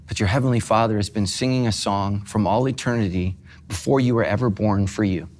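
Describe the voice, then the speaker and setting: A man's voice: lowish voice, a little fast, darkish tone, a little hiss or hum. Middle-aged guy pastor giving a sermon, chatty and heartfelt, cracks jokes at himself. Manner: emotional, conversational preaching with self-deprecating humor.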